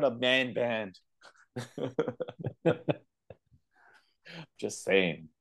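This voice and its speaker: A man co-hosting a podcast, telling animated stories in casual chat with lots of fillers. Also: mid-range voice, very slow, vocal fry, pauses often. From Canada. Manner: animated storytelling with laughs and fillers. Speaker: podcast co-host.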